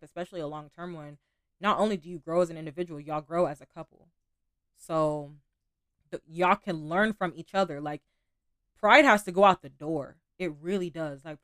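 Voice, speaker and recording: Candid young woman podcaster, smooth voice. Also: low voice, no room sound, clean studio sound. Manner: candid, conversational, swears casually. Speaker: podcast host. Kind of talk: casual relationship talk.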